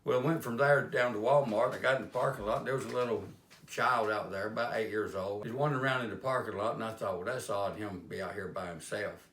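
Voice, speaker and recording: A man's voice: fairly low pitch, fast talker, fairly bright tone, a little hiss or hum. A man telling homespun stories about kindness in a plain-spoken, rambling way. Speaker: life-lessons speaker. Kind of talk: folksy storytelling monologue. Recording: roomy echo.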